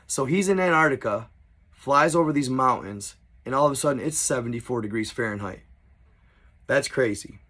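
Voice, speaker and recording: A man's voice: medium pitch, animated, moderate pace, a bit bright. A man reading a diary aloud and stopping to explain and comment on it in a casual, conversational way. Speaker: storyteller.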